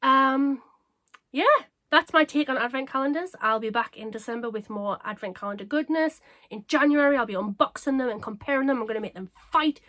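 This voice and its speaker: A woman chatting casually to camera as a craft vlogger, bubbly and self-mocking, her voice a little croaky. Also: high voice, a little fast. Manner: bubbly, excitable and self-deprecating. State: slightly croaky.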